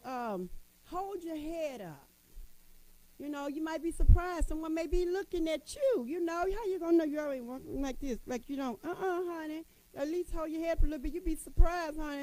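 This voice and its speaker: A woman's voice: high voice, warm tone, low-quality recording. A middle-aged woman giving a motivational talk to women, folksy and emphatic, repeating her points and calling listeners honey. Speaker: motivational speaker addressing women.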